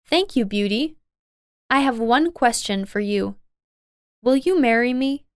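Storybook beast, male, lonely and gentle, a woman doing him; crisp, dry, unhurried. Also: on the high side, animated, no room sound. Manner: slow, simple, plainly spoken lines.

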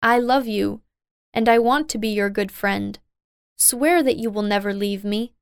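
Beast, a gentle monster, read by a woman. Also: mid-range voice, vocal fry, clean tone, dry recording, clean studio sound. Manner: slow, simple, plainly spoken lines. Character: gentle lonely male beast, kind and humble.

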